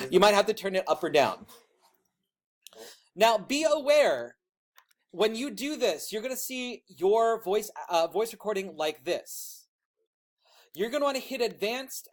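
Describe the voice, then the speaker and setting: High-pitched guy teaching a class, loud teacher voice, chatty and loose. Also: sing-song, moderate pace. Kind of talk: classroom software tutorial.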